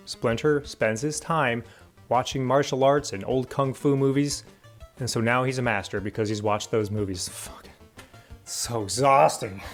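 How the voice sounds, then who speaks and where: A man giving a casual spoken film review, exasperated and sarcastic as he rants about what he dislikes. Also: mid-range voice. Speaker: movie reviewer.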